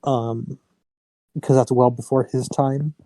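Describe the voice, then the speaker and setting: Male game master, casual narration, mellow and dry. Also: medium pitch, flat delivery, slow pace, dry recording. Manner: casual, restarts mid-phrase.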